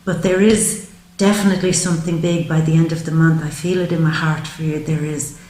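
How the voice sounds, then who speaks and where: A woman giving a spoken psychic tarot reading, gentle, earnest and emotional, often slowing down. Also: low-pitched, little pitch movement, reverberant, rough recording. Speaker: tarot reader.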